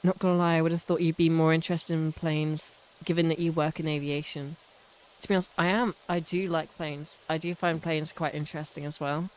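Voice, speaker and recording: Low-voiced rambling woman streamer. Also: little pitch movement, fairly quick, a little mellow, a little hiss or hum, rough recording. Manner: rambling, chatty, self-mocking. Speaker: game streamer. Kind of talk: casual live-stream chat.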